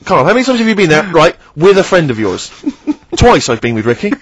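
A man's voice: on the high side, sing-song, brisk, noisy background. A man co-hosting a radio show, telling stories about his co-host in an exasperated, teasing way during casual banter.

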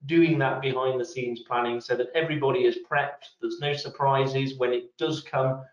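A man giving a sober, measured update on a business webinar over a video call, with uhs and restarts. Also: mid-range voice, steady tone. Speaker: business lobby guest speaker. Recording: dull, echoey room sound on a video call.

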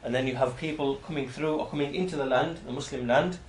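A man's voice: medium pitch, fairly even intonation, quick pace, a little hiss or hum. Guy teaching a religious lesson, lots of restarts and repeated words, kinda echoey room. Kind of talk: explanatory lecture on hadith. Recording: roomy echo.

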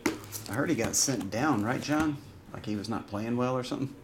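A man's voice: mid-range voice, moderate pace, noisy background. A man hosting a live card break in a casual way, calling out player names as he opens packs. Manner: rattles off player names while opening packs.

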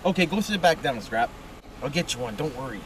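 A man's voice: on the high side, animated, fairly quick. A man with an Ontario Canadian accent talks in a rambling driving vlog, tagging his lines with "it is" and "boys". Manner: rambling, tags lines with "it is", "boys", "friggin' right". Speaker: vlogger. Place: inside a van, driving with a window open. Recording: windy, from a distance in a car.

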